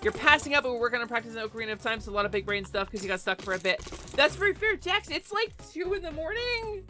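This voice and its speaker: Bright, lively woman streamer. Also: a little high, fast, soft background music. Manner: animated, chatty, swears freely. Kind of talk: casual live gaming stream chat. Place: home office.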